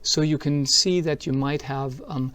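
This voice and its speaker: A man's voice: a little high, steady tone, a little slow, fairly bright tone. A man giving a product demo talk at a tech conference. He is upbeat and explains each step as he shows it. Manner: upbeat, explanatory, walks through steps as he shows them.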